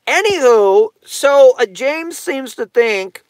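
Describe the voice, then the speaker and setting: A man's voice: extremely high pitch, expressive, slow, no echo. A man ranting on his own channel, profane and rambling, repeating himself. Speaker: YouTube commentator. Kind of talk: ranting commentary.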